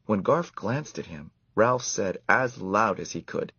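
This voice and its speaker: A man reading a children's story aloud in an expressive, measured way. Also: on the low side, vocal fry, husky, no echo, muffled recording.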